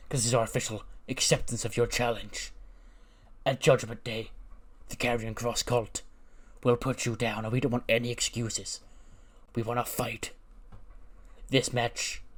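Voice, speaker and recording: A man's voice: mid-range voice, close to an everyday voice. A man voicing a menacing, theatrical wrestler cutting a taunting promo in the ring. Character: menacing adult male wrestler, cult leader, theatrical.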